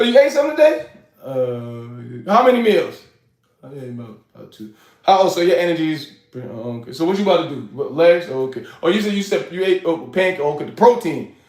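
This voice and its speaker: A man's voice: sits high, reverberant. A man in his forties, hosting his own show, talking casually to the camera with frequent laughs and a lot of "you know what I'm saying". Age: 40s. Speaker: host.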